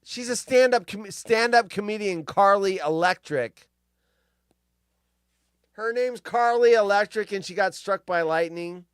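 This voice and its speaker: A man's voice: high voice, unhurried, clean tone, dry recording, clean studio sound. A man hosting a live stream, reading news stories aloud in casual commentary with crude, rambling asides and frequent swearing. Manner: animated, jumps between loud outbursts and mutters.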